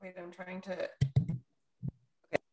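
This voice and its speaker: A young woman co-hosting a podcast, raspy and fried from covid, chatting and laughing over a video call. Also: on the low side, drawn-out words, darkish tone, a little hiss or hum. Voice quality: vocal fry. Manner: chatty, laughs often, storytelling. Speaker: podcast co-host. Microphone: desktop USB mic on a video call.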